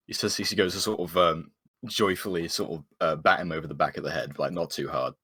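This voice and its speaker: Deep husky guy describing his character, lots of ums. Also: fairly even intonation, sharp tone. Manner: halting, many fillers. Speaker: player.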